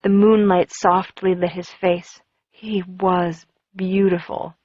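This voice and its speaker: A woman reading a first-person audiobook in a measured storytelling manner. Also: lowish voice, little pitch movement, no room sound, highs cut off. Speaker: audiobook narrator.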